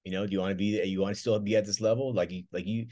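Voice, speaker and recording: A man's voice: fairly low pitch, fairly even intonation, very fast, dark tone, no room sound, clean studio sound. A man in a group call talking bluntly and swearing as the guest. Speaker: podcast guest.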